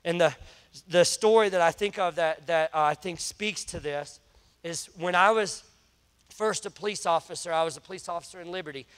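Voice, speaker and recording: A man's voice: high voice, a bit bright, clear, resonant tone, long reverb tail. A man preaching a sermon, telling a story in a conversational way. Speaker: pastor. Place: church sanctuary.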